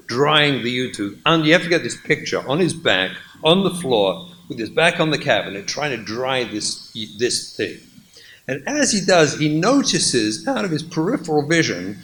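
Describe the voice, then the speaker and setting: A rabbi tells a humorous story with lively energy, sprinkling in Yiddish and Hebrew words. His voice sits a little high, with a faint hum of room ambience behind it. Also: poor audio. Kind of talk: storytelling lecture.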